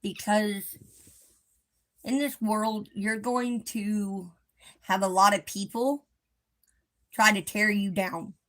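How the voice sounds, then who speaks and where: Woman, live-stream host, unhurried, soft and reassuring, mid-pitched voice. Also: steady tone. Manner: slow, gentle and reassuring. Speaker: livestream host. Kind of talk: casual live-stream talk to viewers.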